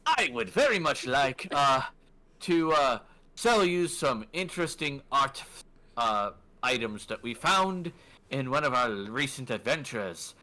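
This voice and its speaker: A man's voice: medium pitch, very animated, a little slow, bright, forceful tone. A man voicing a formal, eager male adventurer trying to sell art, with hesitant fillers. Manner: formal, hesitant salesman talk.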